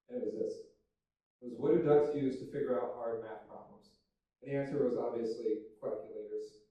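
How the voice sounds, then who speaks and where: A young man doing a stand-up comedy set, self-deprecating and deadpan, with loose fillers and swearing. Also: medium pitch, highs cut off. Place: comedy club stage with audience laughter. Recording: very echoey room, from some distance. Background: audience laughter.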